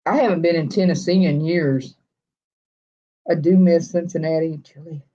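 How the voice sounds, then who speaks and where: A woman's voice: low-pitched, fairly even intonation, normal speed, mellow. Chatty middle-aged Texas woman, lo-fi. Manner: rambling, chatty, reading out viewer comments. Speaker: vlog host chatting with live viewers. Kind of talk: casual live-stream chat.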